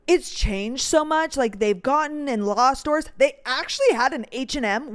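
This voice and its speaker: Smooth-voiced chatty young woman podcaster. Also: medium pitch. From North Dakota. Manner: rambling, heavy use of "like", swears freely. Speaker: podcast host. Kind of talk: casual storytelling chat.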